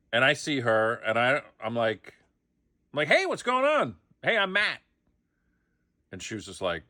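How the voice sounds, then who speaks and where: A man's voice: mid-range voice, pushed and bright, no echo, clean studio sound. A middle-aged man casually telling a comic behind-the-scenes story, acting out the quotes. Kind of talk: casual anecdote.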